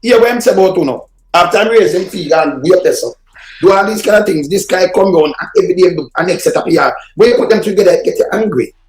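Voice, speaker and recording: A man's voice: sits high, animated, fast, a little mellow, echoey room, slight background noise. A man with a Jamaican Patois accent hosting a reaction show, ranting, insulting and swearing as he comments on clips. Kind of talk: heated commentary on played clips.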